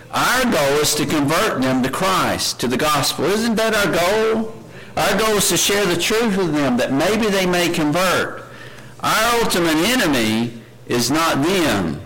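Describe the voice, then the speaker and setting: A man's voice: a little high, big pitch swings, measured pace, a bit bright, rough recording. An earnest man preaches a sermon, reading scripture aloud with rising emphasis. He keeps turning to his listeners with questions. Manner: earnest, asks the congregation many questions.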